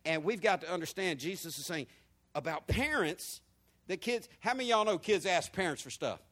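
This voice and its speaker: A high-voiced man delivers a sermon. He asks the congregation question after question, climbing in pitch and volume on the repeated phrases, then sinking to a low murmur. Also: animated, brisk, fairly bright tone. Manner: preaching with big swings in pitch and volume, rhetorical questions to the congregation. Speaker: pastor.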